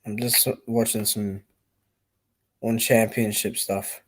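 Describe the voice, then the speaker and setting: Young male streamer, unhurried delivery, rambling and blunt, casual commentary. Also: lowish voice, little pitch movement. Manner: blunt, rambling, swears freely. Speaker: boxing streamer.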